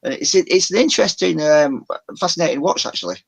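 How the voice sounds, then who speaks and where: A man's voice: fairly high pitch, lively intonation, a little fast, creaky, husky. A man from Yorkshire with a mild Yorkshire accent, chatting as a guest over a video call, rambling and often restarting his sentences. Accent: mild Yorkshire English. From Yorkshire, England. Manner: rambling, many restarts and self-corrections. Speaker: guest, paranormal show presenter. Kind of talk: casual video-call chat.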